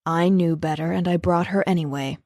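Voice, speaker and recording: A woman voicing a brooding young male werewolf in an audiobook, pitched deeper and slower than her own voice, with a low, flat edge of threat. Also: no echo, clean studio sound, natural voice. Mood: angry, threatening. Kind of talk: audiobook character voice.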